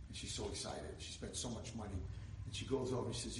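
A man giving an inspirational Torah lecture, telling a story and building to loud, emphatic peaks. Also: medium pitch, animated, quick pace, distant mic, a little hiss or hum. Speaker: rabbi lecturer. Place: lecture hall. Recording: echoey hall, speaker away from mic.

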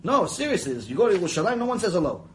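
Animated high-voiced male Torah teacher. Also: very fast, slight background noise, low-quality recording. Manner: animated, acts out the voices in his stories; chatty, drifts into asides. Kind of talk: Mussar lecture with storytelling.

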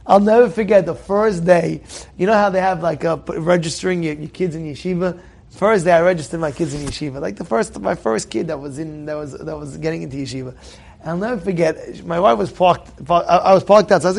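A man telling a casual anecdote in an animated way, often repeating words and restarting his sentences. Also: high voice, a little fast, gravelly. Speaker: storyteller.

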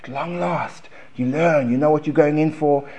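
A man with a South African accent teaching a Talmud class in a relaxed, conversational way, restarting phrases and checking in with his students. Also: on the high side, normal speed, slight background noise. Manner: conversational, repeats words and restarts, asks the room questions. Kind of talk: informal classroom lecture. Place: basement classroom.

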